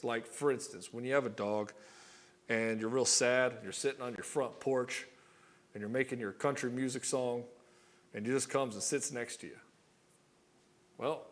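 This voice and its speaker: A man coaching husbands on relationships, talking bluntly, swearing casually and acting out both partners in short skits. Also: medium pitch. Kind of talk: direct-to-camera coaching talk.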